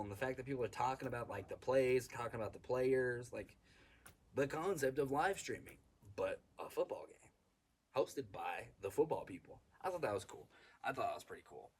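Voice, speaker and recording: A man hosting a casual podcast, rambling excitedly and swearing often, recorded outdoors in the sun. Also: mid-range voice, fairly quick, slight background noise. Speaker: podcast host. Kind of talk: casual chat.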